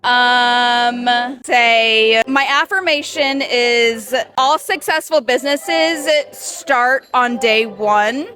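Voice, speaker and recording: A woman's voice: fairly high pitch, drawn-out words, bright, forceful tone. A woman guest at a game night, talking in an upbeat, candid way. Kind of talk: casual chat.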